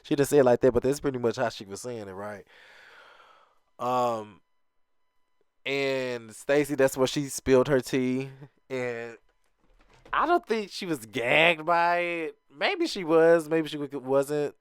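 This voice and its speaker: A young man chatting casually as he recaps a reality TV episode, animated, laughing often and acting out what the cast said. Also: unhurried, smooth, no echo, studio quality. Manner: chatty and animated, laughs often, acts out quoted lines in a higher voice.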